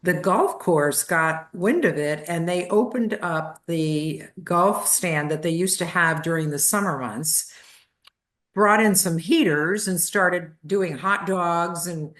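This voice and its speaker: A woman's voice: fairly low pitch, slow pace. Seventy-something woman telling a childhood story. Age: 70s. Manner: lively anecdotal storyteller, acts out voices of family. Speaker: guest. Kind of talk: storytelling in a podcast interview.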